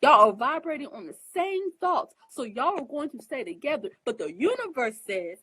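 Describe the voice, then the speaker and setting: Woman, husky voice, fairly high-pitched, emphatic, preachy, talking straight to viewers. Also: very animated, normal speed, bright, forceful tone, poor audio. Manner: earnest, emphatic, preachy, addresses listeners directly. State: emotional. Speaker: astrologer giving advice. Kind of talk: casual spoken monologue to viewers.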